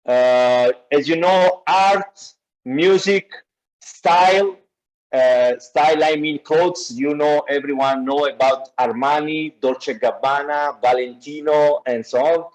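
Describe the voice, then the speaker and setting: A man with a noticeable Italian accent talks haltingly over a video call. His voice sits a bit high, and his explanations are broken up by frequent filler sounds. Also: fairly even intonation, a little mellow, low-quality recording. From Naples, southern Italy. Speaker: guest speaker. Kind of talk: explaining pictures in an online class.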